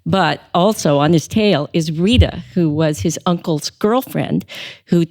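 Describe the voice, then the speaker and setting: A woman's voice: lowish voice, unhurried, darkish tone. A woman, a theatre director, explaining a show enthusiastically in a casual interview.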